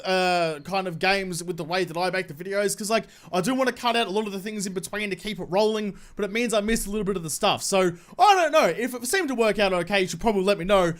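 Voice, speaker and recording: A man's voice: high voice, a bit bright. A man giving casual, swear-filled commentary during a horror game playthrough, with jumpy, nervous reactions. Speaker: let's play gamer.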